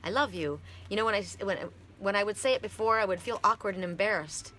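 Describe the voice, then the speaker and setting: Woman, middle-aged, from Canada, oracle card reader, live stream, heartfelt, halting, bright tone. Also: medium pitch, slight background noise.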